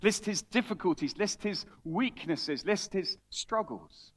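Lively, conversational male preacher. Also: high-pitched, unhurried. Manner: animated, conversational, stumbles and repeats words. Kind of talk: sermon with scripture reading.

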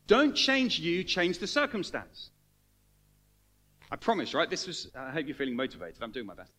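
A man preaching a sermon as pastor, animated and swinging between hushed, intimate lines and loud emphatic ones, acting out the voices he quotes. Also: on the high side.

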